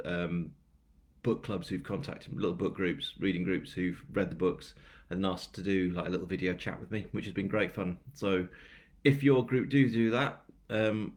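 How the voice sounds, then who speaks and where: On a casual live stream for his new crime book, a British novelist talks in a low, slightly mellow voice. His delivery is chatty and meandering, packed with fillers and self-deprecating jokes.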